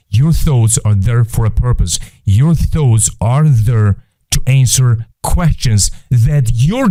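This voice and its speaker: A man teaching a faith-based motivational masterclass, emphatic and repetitive, with slow deliberate phrasing. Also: mid-range voice, dark tone, no room sound.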